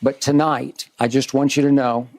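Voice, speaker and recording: Male sports TV host, mid pitch, earnest and measured tribute, repetition for emphasis. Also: flat delivery, darkish tone. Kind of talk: prepared on-air tribute.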